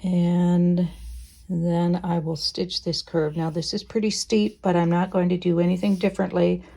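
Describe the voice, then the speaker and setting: A woman teaching quilting in a relaxed, chatty way, thinking aloud as she sews. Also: on the low side, moderate pace, gravelly. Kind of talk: casual sewing tutorial.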